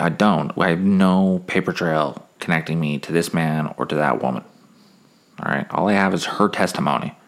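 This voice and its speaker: A man hosts his own podcast and tells comic tales in a rambling way, full of fillers. His voice sits low and has a gravelly fry to it. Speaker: podcast host. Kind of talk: comedic storytelling monologue.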